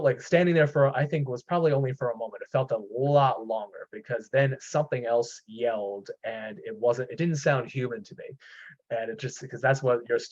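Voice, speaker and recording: A man recounts a personal encounter in loose, casual chat, circling back with fillers and restarts. His voice sits at an ordinary pitch. The recording sounds slightly dull and lo-fi. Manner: rambling, many fillers and restarts. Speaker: podcast host. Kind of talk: casual storytelling.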